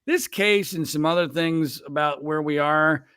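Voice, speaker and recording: A man's voice: on the high side, a little slow, a bit bright, clear, resonant tone, no echo, clean studio sound. A man in his late fifties, a podcast guest talking casually, emphatic and sarcastic, often repeating words as he starts a thought. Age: 50s.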